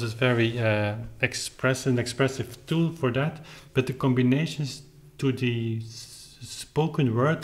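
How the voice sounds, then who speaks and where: A man who plays the clavichord, thoughtfully explaining his interpretation and searching for the right words as he goes. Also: medium pitch. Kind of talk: reflective spoken commentary with demonstrations. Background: faint clavichord playing between remarks.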